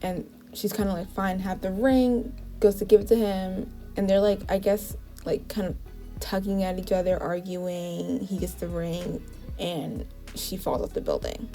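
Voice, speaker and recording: A woman's voice: on the low side, flat delivery, moderate pace, warm tone, faint music behind. A woman casually recapping the plot of a TV show in a chatty way, with frequent "like" asides. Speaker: TV show reviewer.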